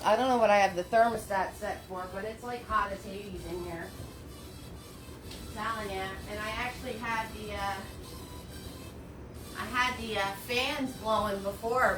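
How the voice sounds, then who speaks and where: Hosting a paint party from her indoor home studio, a woman with a medium-pitched voice chats, encourages, laughs a lot and welcomes viewers by name during a live online class. Faint music plays behind her, and the background is noisy.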